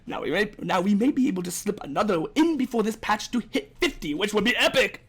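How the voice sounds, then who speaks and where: High-voiced, excitable young man. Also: fast talker, slightly rough. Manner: enthusiastic, rambling, fanboying with frequent restarts. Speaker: gaming video creator. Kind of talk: excited game update commentary.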